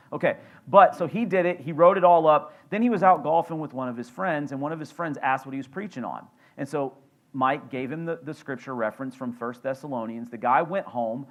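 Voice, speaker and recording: A man's voice: medium pitch, fairly bright tone. Joking, conversational male pastor. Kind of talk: sermon. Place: church sanctuary.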